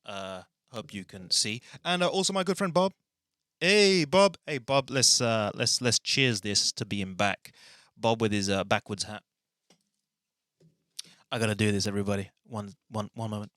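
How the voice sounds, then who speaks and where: A man's voice: on the low side, normal speed, fairly bright tone, dry recording. A man hosting his own podcast from a small bedroom studio, rambling and self-mocking in a casual chat to the camera. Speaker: podcast host. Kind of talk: casual solo podcast intro.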